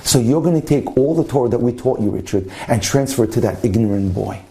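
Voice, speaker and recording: A man voicing a stern, unforgiving older male yeshiva dean in a told story, scolding and indignant in a warm, mellow voice. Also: mid-range voice, lively intonation, fast talker, gravelly.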